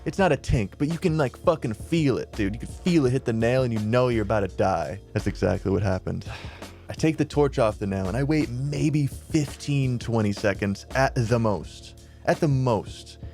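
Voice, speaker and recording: A man's voice: mid-range voice, normal speed, gravelly, darkish tone, faint music behind. Rambling man telling a story. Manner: rambling, filler-heavy, profane. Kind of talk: casual storytelling.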